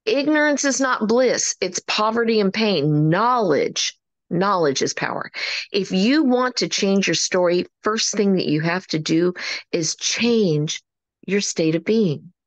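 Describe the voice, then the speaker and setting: A woman coaching a group in an upbeat, preachy way, acting out the people she quotes. Her voice sits at an ordinary pitch and the recording is dry and close. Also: a little slow, no room sound. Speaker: motivational coach. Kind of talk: motivational talk. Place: online meeting.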